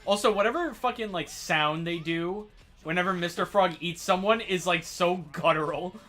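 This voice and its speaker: A man's voice: high-pitched, moderate pace, bright, forceful tone, faint music behind. A man chatting casually as a stream co-host, agreeable, swearing and laughing often.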